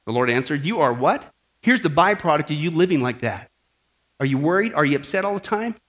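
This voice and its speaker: A man preaching a sermon in a folksy, animated way, full of rhetorical questions and a told joke. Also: fairly high pitch, fairly quick. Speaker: pastor.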